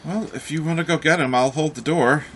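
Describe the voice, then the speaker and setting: A man's voice: on the high side, fairly quick, breathy edge. Matter-of-fact male player. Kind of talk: tabletop game play.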